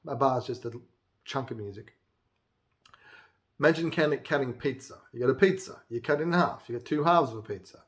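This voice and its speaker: A man's voice: mid-range voice, fairly quick, long pauses. A man casually teaching music theory, counting beats aloud and now and then singing a line. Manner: chatty, counts beats aloud and breaks into song. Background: acoustic guitar playing.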